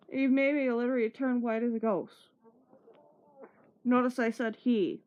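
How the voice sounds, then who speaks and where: A woman's voice: a little high, steady tone, normal speed, a little mellow. A woman streamer chatting casually, telling a long story with swearing and laughter. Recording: muffled lo-fi stream audio.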